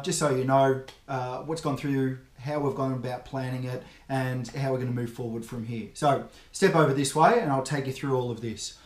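A man's voice: mid-range voice, a little mellow. A middle-aged Australian man, a builder and show host, gives a laid-back, jokey walkthrough full of fillers. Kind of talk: casual explainer walkthrough.

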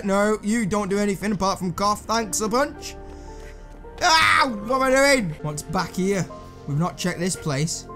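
A man's voice: high voice, fairly bright tone. A young man commentating on a puzzle game, talking to himself and the characters, swearing and mocking himself. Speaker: gameplay commentator. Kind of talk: casual let's-play commentary.

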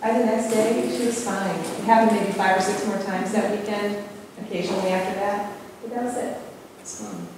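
A woman giving an informal talk to a group. Her delivery is candid and conversational, full of small fillers. She was recorded in a big echoing hall from a distance, with steady room noise behind her. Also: medium pitch, moderate pace, hardly any pauses. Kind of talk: informal presentation to an audience. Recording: echoey hall, far from mic, room noise.

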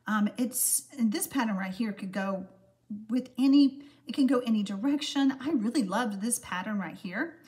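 Chatty woman, slightly high voice. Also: moderate pace, darkish tone. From Texas, USA. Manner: chatty, friendly, many "um" fillers. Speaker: card-making host. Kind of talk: live-stream craft demonstration.

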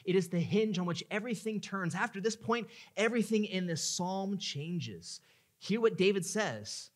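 A male pastor preaching a sermon, dropping to hushed tones and rising into loud, impassioned pleading. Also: high voice, expressive, normal speed.

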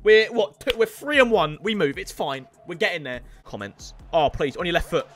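A man giving excited video game football commentary, pleading with his players, screaming at goals and then apologizing for the noise. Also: high-pitched, moderate pace, soft background music. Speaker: gaming YouTuber.

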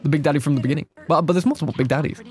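A man's voice: a little high, rapid-fire, a little mellow, soft background music. A man chatting casually while playing a game, swearing and now and then slipping into silly put-on voices. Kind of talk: casual gaming chat.

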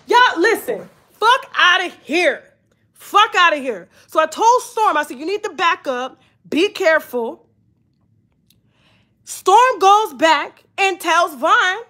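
A woman's voice: very high voice, fairly bright tone. A woman hosting a gossip show, talking in heated casual commentary, profane and emphatic, repeating lines for emphasis.

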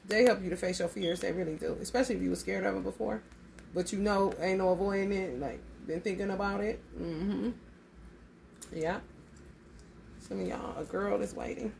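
A woman doing a casual tarot reading with a gravelly, fry-edged voice at an ordinary middle pitch. She talks bluntly and swears freely, calling her listeners honey and hitting her points with animated emphasis. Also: a little fast, a little hiss or hum. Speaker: tarot reader.

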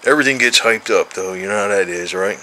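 Older man in his 60s, low-pitched and very bright, meandering, profane cat-owner chatter. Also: fast, slight background noise, poor audio. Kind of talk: rambling casual chat to his cats.

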